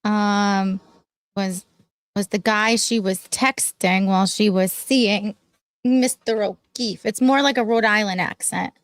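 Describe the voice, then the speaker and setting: A woman co-hosting a casual live-stream show, gossiping and teasing her co-host with quick retorts. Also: medium pitch, steady tone, no echo. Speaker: podcast co-host.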